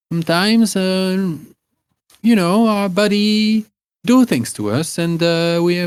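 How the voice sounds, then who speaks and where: Picture a bossy, shrewd old hag of a healer barking out remedies and orders, as a man puts her on in a tabletop game. Her voice sits high and fussy, tripping over fillers. The sound is dry, with no room around it. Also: no echo. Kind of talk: voicing a character in a tabletop game.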